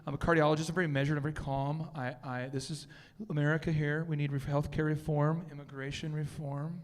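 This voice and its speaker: A man impersonating a soft-spoken, very measured male politician in a hushed, slow voice. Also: on the high side, flat delivery, big-room sound, natural voice.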